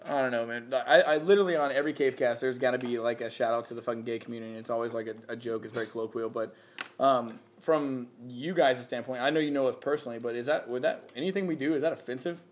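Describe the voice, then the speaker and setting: A man's voice: mid-range voice, fairly even intonation, fast talker. A man hosting a podcast, talking casually and swearing a lot as he rambles. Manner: rambling, swearing, laughing often. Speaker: podcast host. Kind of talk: casual crude podcast banter. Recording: muffled lo-fi with faint hiss.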